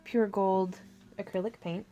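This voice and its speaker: A woman's voice: mid-range voice, steady tone, a little slow, warm tone, a little hiss or hum. A woman hosting a crafting tutorial, chatting casually and thinking aloud as she works. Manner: chatty, thinking aloud, with fillers and little laughs.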